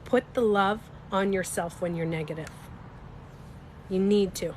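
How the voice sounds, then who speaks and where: A woman with a slightly stuffy nose, chatting casually on a livestream. She talks in an animated, emphatic way, swears freely and speaks to her viewers. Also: medium pitch, unhurried, a little hiss or hum. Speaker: livestreamer and beauty coach.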